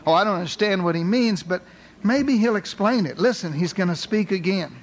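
A man doing Eddie, an eager high reporter. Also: fairly quick. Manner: folksy and excited, wondering aloud. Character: eager male newspaper reporter, curious.

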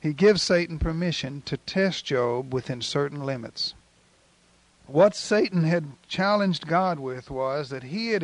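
A man preaching a sermon in a folksy, animated storytelling manner, retelling scripture with acted quotes. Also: a little high, no room sound.

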